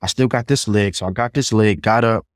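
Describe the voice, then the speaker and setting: A man's voice: on the low side, brisk, no room sound, clean studio sound. Young man telling a story. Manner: animated retelling, acts out others' voices. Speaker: podcast guest. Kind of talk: casual storytelling.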